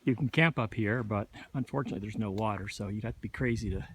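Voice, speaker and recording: A man's voice: on the low side, fast, fairly bright tone. A man filming himself on a mountain trail, chatting with people and narrating between breaths after a climb. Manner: friendly, chatty interviewer. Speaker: hiker filming a trail vlog. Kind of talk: casual vlog narration and chat. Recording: outdoor noise behind.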